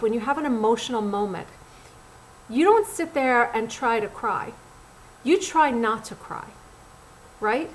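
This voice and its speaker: A woman's voice: high voice, a little hiss or hum, poor audio. Blunt, chatty woman coaching actors. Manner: blunt, animated and conversational. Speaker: casting director and acting coach. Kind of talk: direct-to-camera acting tips. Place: Los Angeles.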